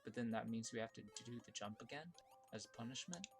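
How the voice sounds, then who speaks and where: A man's voice: fairly quick, faint music behind. A man giving casual live-stream commentary while playing viewer-made game levels, thinking aloud with restarts and fillers, and yelping when something surprises him. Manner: bursts of high excitement at surprises.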